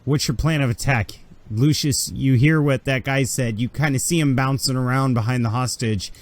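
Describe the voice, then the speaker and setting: A man's voice: medium pitch, normal speed. A man narrating as game master of a tabletop game in a casual, profane way, voicing side characters as he goes.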